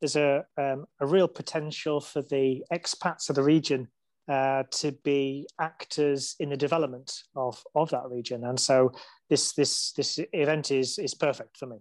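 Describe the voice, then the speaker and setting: A man's voice: medium pitch, steady tone, normal speed, no echo. A man speaking as a sponsor representative on a webinar, eager and hesitant, with many fillers. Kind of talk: webinar remarks. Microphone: video call.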